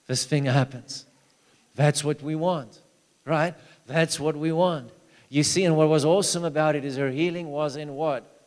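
A man preaching a sermon, telling stories, with loud urging that drops to low, hushed asides. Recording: long hall reverb.

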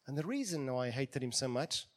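A man preaching a sermon with a dramatic delivery, acting out the voices in the stories he tells and swinging from quiet, low lines to loud ones. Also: sing-song, a little fast.

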